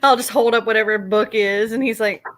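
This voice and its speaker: A woman with a slightly high voice chats casually on a video call. She comes across as friendly and giggles easily between remarks. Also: fairly even intonation, brisk, low-quality recording. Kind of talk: casual chat.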